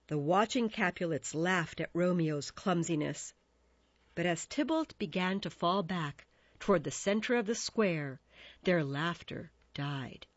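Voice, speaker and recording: A woman narrating a storybook tale in a measured, expressive way. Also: lowish voice, no room sound. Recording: dull dry recording.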